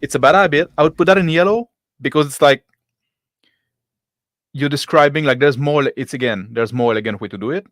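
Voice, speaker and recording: A man who is not a native English speaker, a game master and host, talking casually in a halting way with many restarts and slips in grammar. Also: fairly high pitch, a bit bright, no room sound, studio quality. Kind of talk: casual discussion.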